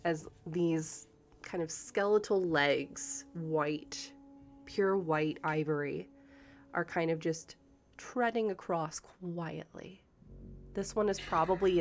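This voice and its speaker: Low-voiced woman narrating as game master. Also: creaky. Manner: measured, descriptive narration.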